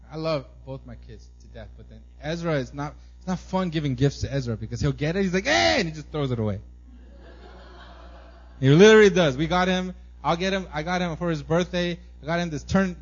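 This pastor, a man in his thirties, has a slightly high voice and tells family stories in a conversational sermon, often checking in with "right?". He acts out his son's excited squeals in animated storytelling. The sound is lo-fi.

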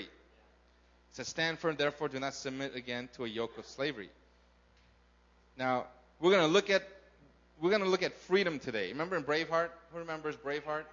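A man's voice: fairly high pitch, brisk, fairly bright tone, muffled recording. A man preaching a sermon to his congregation, talking casually and often asking the crowd questions. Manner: conversational, asks the crowd questions. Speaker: pastor. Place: church in Korea.

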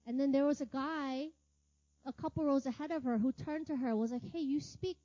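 A woman's voice: high-pitched, a little fast, warm tone, dry recording, highs cut off. A woman teaching a casual sermon, chatty and full of laughter, with lots of filler words and "right?" tag questions. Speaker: ministry teacher.

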